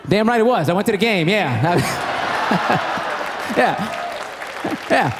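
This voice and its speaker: Stand-up comic, male, higher-pitched, lively storyteller, live crowd loud in the room. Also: slow, very noisy. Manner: animated, storytelling, mock-exasperated. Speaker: stand-up comedian. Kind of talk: stand-up comedy. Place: comedy stage before a live audience.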